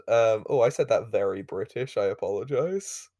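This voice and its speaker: A man's voice: mid-range voice, normal speed, warm tone, no echo, clean studio sound. A man co-hosting a casual podcast, retelling a show's plot with laughs, filler words and swearing. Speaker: podcast co-host recapping an episode. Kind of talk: casual chat.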